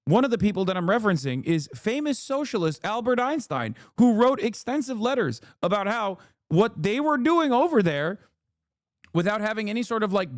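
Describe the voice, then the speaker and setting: A man streaming a reaction video, talking loosely and profanely, with many fillers and lively jumps when he quotes people. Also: high-pitched, no echo, clean studio sound. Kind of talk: casual reaction commentary.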